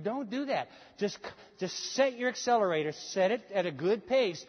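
A man preaching a sermon as pastor, telling a story with animated voices for the people in it. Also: high-pitched, normal speed. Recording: dull sound with long hall reverb.

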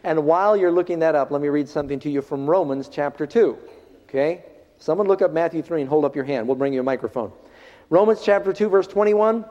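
A pastor preaching to his congregation. His voice sits a bit high, rising loud for emphasis and dropping to a hush. The recording is dull and lo-fi, with a long reverb from the hall around him. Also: brisk. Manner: animated preaching, swings from loud to hushed. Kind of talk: sermon. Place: large hall, in front of a congregation.

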